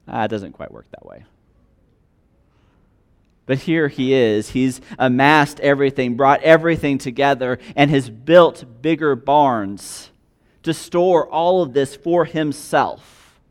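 A man delivers a slow sermon on a parable, reading the scripture aloud before explaining it in plain, conversational language. When voicing the words of the rich man and of God, he shifts his pitch and loudness.

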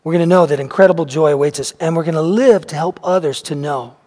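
Earnest preacher in a reverberant hall. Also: male voice, a little high, fast. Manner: earnest, trailing off softly at phrase ends. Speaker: pastor. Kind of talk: sermon with a read story.

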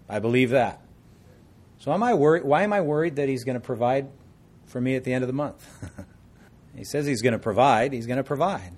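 Man, pastor, preaching sermon, lively, joking with congregation, mid-pitched voice. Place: church service before a congregation.

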